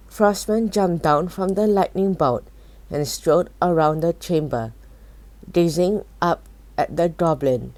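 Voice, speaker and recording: A woman reading a children's chapter book aloud in a calm, even way. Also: fairly low pitch, slow pace. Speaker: storybook reader. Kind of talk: storybook read-aloud.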